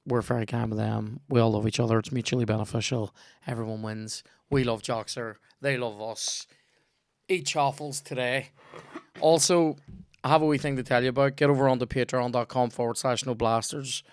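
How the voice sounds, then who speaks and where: A man's voice: medium pitch, dry recording, studio quality. A young man with a Northern Irish accent hosting a podcast, rambling cheekily through ad reads and casual chat, swearing freely. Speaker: podcast host.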